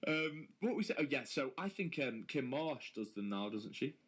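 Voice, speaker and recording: A man's voice: mid-range voice, sing-song, normal speed, a bit bright, husky. An English man co-hosting a local radio comedy show, casual and teasing, often breaking into laughter, speaking from a studio. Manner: jokey, giggly, teasing banter. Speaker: radio co-host.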